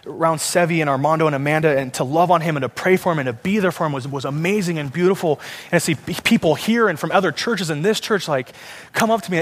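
A young man preaches to his church, telling a personal story with an earnest, heartfelt tone. His words come quickly, tumbling out one after another, and his voice sits a little on the high side. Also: fairly bright tone. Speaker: student pastor. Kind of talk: sermon.

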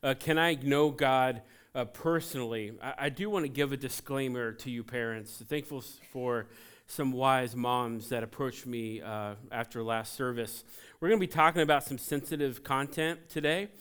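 A man in his forties from Ohio preaching a sermon in a church, conversational and joking, telling animated personal stories. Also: medium pitch, moderate pace, smooth. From Ohio, USA. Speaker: pastor. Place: church sanctuary.

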